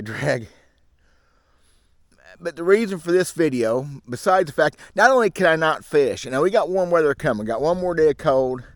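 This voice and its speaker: A man's voice: medium pitch, dry recording. Grumbling folksy man, dry sound. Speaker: fishing channel host. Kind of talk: casual rambling monologue to camera. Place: outdoors in the woods. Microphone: camera mic.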